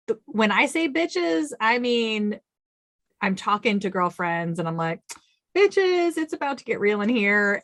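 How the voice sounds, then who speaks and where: Woman author on a podcast, animated storyteller doing little voices for her quotes, dry close sound. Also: mid-range voice, no room sound. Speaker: author guest. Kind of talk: casual podcast interview.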